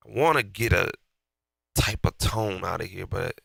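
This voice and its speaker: A man's voice: low-pitched, expressive, moderate pace, creaky, a bit bright, no room sound, studio quality. A man with a stuffy nose from being sick, giving a casual, slangy walkthrough of a beat mix and talking to himself as he works. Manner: loose and slangy, talking to himself while working. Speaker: beat maker walking through a mix. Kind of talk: casual mixing tutorial.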